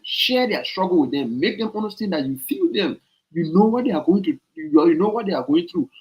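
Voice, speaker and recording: A man, hosting a political opinion podcast and pressing his points with emphatic repetition. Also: rough recording. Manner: swings from low, calm reading to loud, high-pitched urging. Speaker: podcast host. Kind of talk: political opinion commentary on a live stream.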